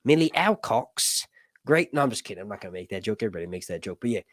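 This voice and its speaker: A man's voice: deep voice, very fast, dry recording, clean studio sound. A man hosting a casual livestream chat, rambling and joking, often cutting himself off mid-sentence and swearing offhandedly. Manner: rambling, self-interrupting, joking. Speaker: YouTube channel host.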